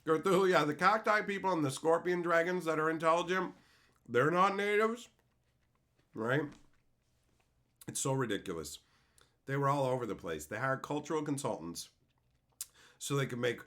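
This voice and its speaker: A young streamer from Canada rants in a bright, sharp voice that swoops up and down in pitch. He swears freely and mocks his targets with sudden loud impressions. It is a casual, heated commentary. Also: expressive, normal speed, pauses often. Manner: profane, mocking, swings into loud sneering impressions. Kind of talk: ranting commentary.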